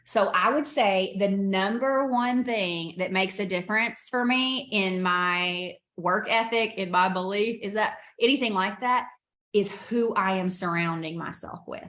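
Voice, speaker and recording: A woman giving an energetic, emphatic coaching talk over a video call, often laughing. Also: mid-range voice, a little slow. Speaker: guest speaker, business coach.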